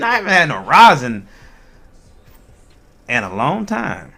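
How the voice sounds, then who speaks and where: This Ohio man hosts a laid-back cannabis livestream, chatting animatedly with his viewers and laughing often. His voice is fairly high and gravelly, and he speaks slowly.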